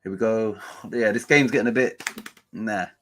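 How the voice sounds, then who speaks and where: A man with a slightly low voice hosts a casual live match-day stream. He talks loosely, swears freely, and reads chat messages and other scores aloud between remarks. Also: moderate pace, a bit bright.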